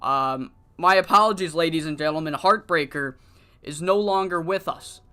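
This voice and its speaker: A man's voice: on the high side, moderate pace, sharp tone, clear, resonant tone, soft background music, pitched below the performer's own voice. A woman voicing a formal male ring announcer introducing a wrestler.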